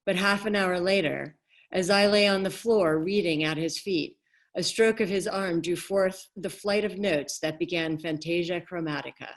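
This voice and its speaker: A woman author reads from her novel in a measured, expressive literary style, her voice slightly low. It comes through a video call. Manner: measured, expressive reading, apologetic asides. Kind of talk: literary reading aloud.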